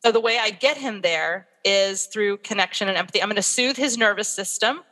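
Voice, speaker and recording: Bright-voiced woman, animated parenting expert. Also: medium pitch, brisk, in a large hall. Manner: animated storytelling, acts out what she says to her kids. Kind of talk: interview, explaining.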